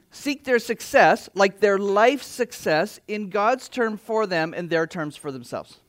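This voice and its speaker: A pastor delivers an earnest sermon in a fairly high male voice. He drops into quiet, close asides and then lifts his voice to urge his listeners on. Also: animated, a little slow. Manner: earnest preaching, with quiet asides and lifted exhortations. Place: church.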